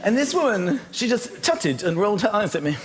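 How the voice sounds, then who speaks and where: A man doing stand-up comedy as host, animated, laughing through his lines and acting out little voices. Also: sits high, fairly quick, heavy background noise. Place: large theatre with live audience. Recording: echoey venue with loud audience laughter.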